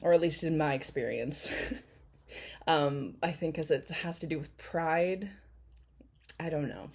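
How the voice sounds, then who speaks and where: A woman's voice: low voice, unhurried, slight background noise. A woman giving casual reaction commentary, chatty and rambling, with frequent laughs and ums. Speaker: commentary YouTuber.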